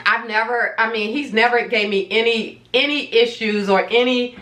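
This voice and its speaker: A woman's voice: a little high, measured pace, sharp tone, reverberant. A woman casually telling viewers a personal story in a chatty, dramatic way, acting out what was said. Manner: chatty, dramatic retelling with quoted voices. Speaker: vlogger telling her own story.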